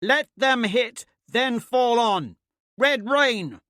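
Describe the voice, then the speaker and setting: A man's voice: medium pitch, expressive, normal speed, dry recording, clean studio sound, lightly acted. A man voicing a hard battlefield commander in an audiobook, giving and bellowing orders.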